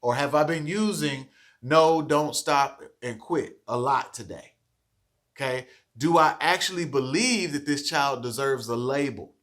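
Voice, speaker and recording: A man's voice: mid-range voice, unhurried, a bit bright. A man giving a training talk to childcare teachers, earnest and coaching, often checking in with "okay?".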